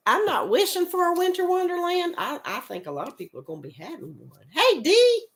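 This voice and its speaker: A middle-aged woman with a rural American accent, battling a cold and coughing, hosts a casual crochet live stream. Her high voice is gravelly and a bit bright; she chats, laughs frequently, and says hello to viewers by name.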